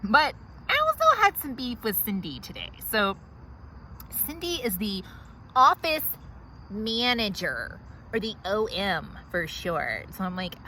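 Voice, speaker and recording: A woman's voice: medium pitch, wildly swooping pitch, measured pace, sharp tone, a little hiss or hum, full character voice, low-quality recording. A woman playing an entitled, self-righteous woman who rambles indignantly through her complaints in a comedy sketch. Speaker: comedic character monologue. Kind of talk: comedy sketch monologue to camera.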